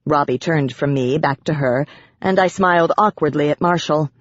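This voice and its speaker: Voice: mid-range voice, normal speed, dry recording, lo-fi sound. Wry first-person audiobook narrator, dry sound.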